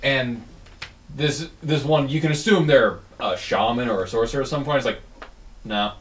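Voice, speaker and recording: A man's voice: medium pitch, lively intonation, quick pace. A man running a tabletop game as game master, talking casually with lots of swearing. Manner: casual, profane, rambling. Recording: echoey room, far from mic.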